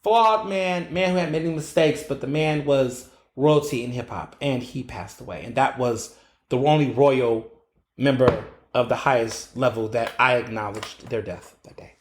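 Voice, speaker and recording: A man hosting a solo podcast, telling stories in an animated way and acting out his own exclamations. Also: mid-range voice, moderate pace, reverberant, slight background noise. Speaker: podcast host.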